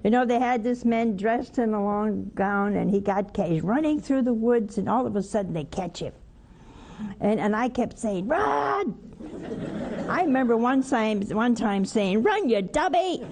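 Mellow-voiced nun giving a folksy homily. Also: female voice, mid-range voice, normal speed. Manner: folksy storytelling with rhetorical questions. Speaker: religious sister preaching. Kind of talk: homily-style spiritual talk.

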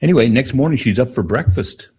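An older man, a priest, telling stories on a call-in talk show in an unhurried way, with frequent restarts. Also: medium pitch, expressive, a little mellow, slightly rough.

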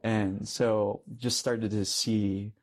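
A young priest talks through a personal story in a relaxed, conversational way. He is earnest and laughs often, and his voice sits a little low. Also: drawn-out words. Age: young adult. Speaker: Catholic priest.

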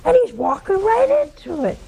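A woman's voice: extremely high pitch, very animated, moderate pace, gravelly, warm tone, slight background noise. A woman preaching a sermon, telling a story in a conversational way and asking the audience rhetorical questions.

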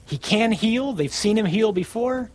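A man preaching a sermon, reading scripture with rising emphasis and dropping low for key lines. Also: expressive, a little slow, low-quality recording.

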